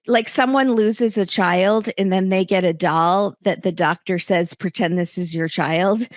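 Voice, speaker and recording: A woman hosting a casual chat podcast, retelling scenes and acting out the quotes with lively, higher voices. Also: a little slow, no room sound, studio quality. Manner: animated, acts out quotes in bright higher voices. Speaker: podcast host.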